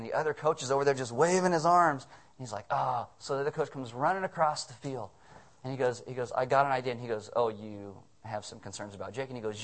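Animated male pastor telling stories. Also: mid-range voice. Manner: animated storytelling, chuckling asides. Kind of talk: sermon.

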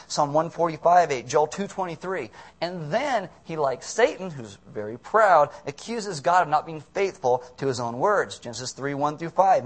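A young man preaches with a sermon's rhythm, swinging from quiet asides to sarcastic, acted-out outbursts. His voice sits a little high for a man and moves all over the place as he talks. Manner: animated, sarcastic, acts out quoted voices. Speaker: pastor.

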